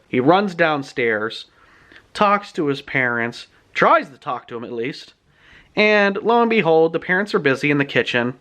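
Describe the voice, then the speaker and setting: A man retelling a book's plot in his own words, in a chatty, animated storytelling manner. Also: a little high, moderate pace. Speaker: book reviewer.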